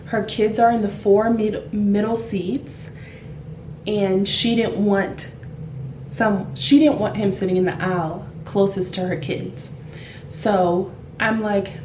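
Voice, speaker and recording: Woman storyteller, mellow voice, lively delivery, roomy room with faint hiss. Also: mid-range voice, unhurried. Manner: animated, acts out the people in her story. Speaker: flight attendant. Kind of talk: casual storytime vlog. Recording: echoey room with faint noise.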